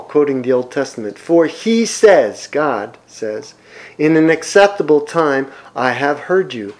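Slow, emphatic preaching man. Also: on the high side, low-quality recording. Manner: slow, emphatic preaching with wide swings in loudness; reads scripture aloud and comments on it. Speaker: pastor. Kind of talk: sermon.

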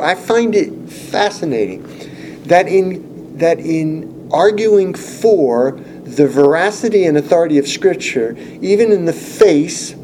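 A man's voice: a little high, mellow, slight background noise, poor audio. A man preaching a Bible-teaching sermon, earnest and explanatory, rising to emphasis when he quotes scripture.

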